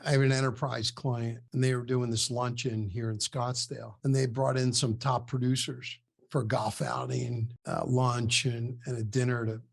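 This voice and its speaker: Male sales coach, husky and gravelly, animated storyteller on an online call. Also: medium pitch, moderate pace. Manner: animated, acts out the people he quotes. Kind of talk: storytelling case study. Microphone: online meeting with screen share.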